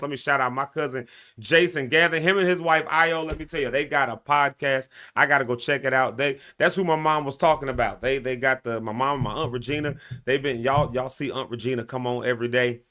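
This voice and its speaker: His mid-range voice comes across pushed and bright, and the tone is clean. A man with a Southern US accent hosts a live morning stream, bantering loosely with viewers he calls y'all, laughing frequently and offering breathing tips.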